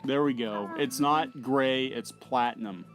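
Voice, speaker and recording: A man's voice: mid-range voice, unhurried, music in the background. A middle-aged man hosting a family podcast, joking in a dry, self-deprecating way. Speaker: podcast host, father. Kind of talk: casual family chat.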